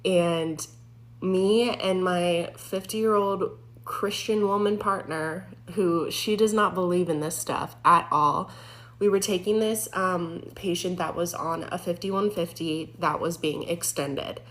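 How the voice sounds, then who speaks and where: Lady rambling thru a spooky storytime, lots of "like", slightly low voice. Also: slow pace, fairly bright tone. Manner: rambling, many "like" fillers, nervous laughs. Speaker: former EMT telling a story. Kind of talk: storytime monologue.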